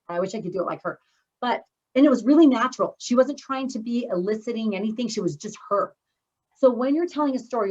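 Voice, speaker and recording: A woman speaking coach teaching an online course, talking fast and breaking it up with pauses and stressed words. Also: medium pitch, dull audio. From Scotland. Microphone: video call.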